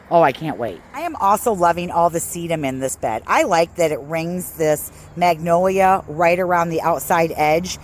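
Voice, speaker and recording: A woman's voice: on the low side, slight background noise. A woman from Northern Illinois giving a casual, enthusiastic walking tour of her garden outdoors, chatting to viewers as she goes. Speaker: garden vlogger.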